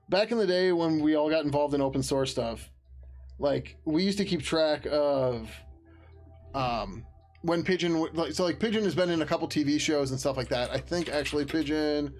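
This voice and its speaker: Male streamer, fairly high voice, loose rambling delivery, casual swearing, worn out. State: tired. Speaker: open source developer streaming his work. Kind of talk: casual live-stream chat.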